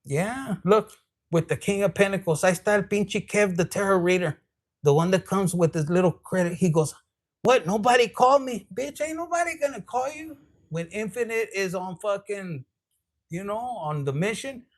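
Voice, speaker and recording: Sassy, high-voiced man. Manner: profane, sassy and rambling. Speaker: tarot reader. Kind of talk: casual tarot reading.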